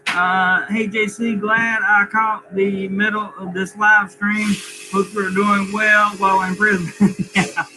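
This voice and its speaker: Guy on a live stream reading chat out loud and answering, fairly high voice, music going behind him. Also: little pitch movement, slow pace, rough recording. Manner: reads viewer comments aloud and replies. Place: rental home with contractors working.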